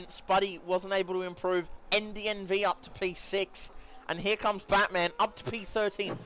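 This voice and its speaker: A man's voice: high-pitched, bright, forceful tone, slight background noise. A man co-commentating a sim racing session, easygoing, laughing along and reading out the timings. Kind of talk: live esports co-commentary.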